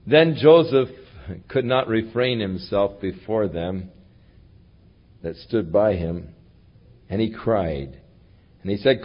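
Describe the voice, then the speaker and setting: A man preaching through a Bible passage, reading the verses aloud and then retelling them in casual, lively asides. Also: lowish voice. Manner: reads scripture then paraphrases it in casual, animated asides. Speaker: pastor. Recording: dull lo-fi recording.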